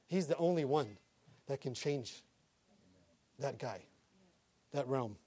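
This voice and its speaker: A middle-aged male pastor preaching a sermon and telling stories in an animated way, chuckling along. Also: mid-range voice, slow, breathy edge.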